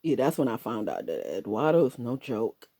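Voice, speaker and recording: A woman's voice: very deep voice, moderate pace, breathy edge. A middle-aged woman casually telling a personal story, laughing often and acting out her own past lines. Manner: animated, laughing often, quoting herself.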